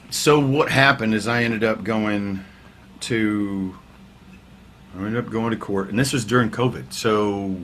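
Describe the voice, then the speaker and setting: A man, a veteran musician telling his story in a casual interview, candid and wry, swearing freely and dropping into quiet asides. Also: mid-range voice, a little hiss or hum. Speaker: podcast guest, veteran musician.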